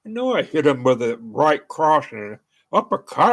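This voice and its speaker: A man's voice: medium pitch, big pitch swings, normal speed, fairly bright tone. An older American man hosting his own show, talking in a rambling monologue full of fillers and restarts. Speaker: show host.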